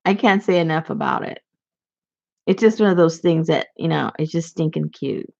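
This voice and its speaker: Chatty gravelly woman, lo-fi sound. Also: low voice, normal speed, darkish tone. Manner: chatty, giggly, rambling. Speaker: crafter showing handmade gifts. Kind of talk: casual vlog chat.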